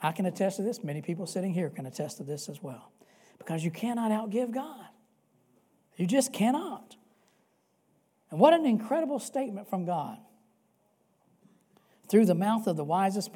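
A male pastor delivering a sermon earnestly, swinging between loud emphatic peaks and soft hushed passages and repeating key phrases for emphasis. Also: high voice, expressive, normal speed, long pauses, breathy edge.

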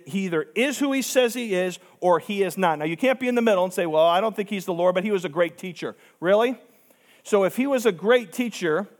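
A pastor preaching a sermon, emphatic and direct, asking rhetorical questions and acting out the people he quotes. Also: high-pitched.

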